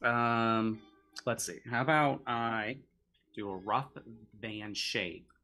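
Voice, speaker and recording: A man co-hosting a comedy stream, chatting casually and hesitantly while drawing, with many pauses and restarts. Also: on the low side, bright, forceful tone. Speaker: comedy show co-host drawing live.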